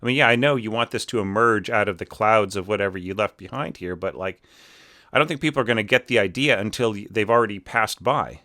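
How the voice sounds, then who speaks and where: Man, middle-aged, lowish voice, casual score critique, lots of fillers, sings snippets of music. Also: quick pace, sharp tone. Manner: chatty, filler-heavy, sings phrases with nonsense syllables. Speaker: orchestration teacher giving feedback.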